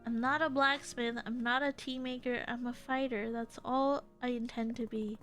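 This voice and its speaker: Woman reading a determined young female fighter, earnest, high voice. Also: fairly even intonation, normal speed, a bit bright, soft background music, lightly acted. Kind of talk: reading game dialogue aloud.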